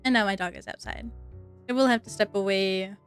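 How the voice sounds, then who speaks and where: A woman streamer reading a story game aloud, with animated, chatty asides to her viewers. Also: medium pitch, brisk, clear, resonant tone, soft background music. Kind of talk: reading a visual novel aloud to chat.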